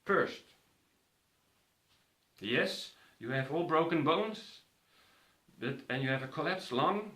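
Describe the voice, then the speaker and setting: A man voicing a steady doctor giving a patient careful news. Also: a little high, takes it slowly, pauses often, exaggerated voice. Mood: measured. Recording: roomy echo.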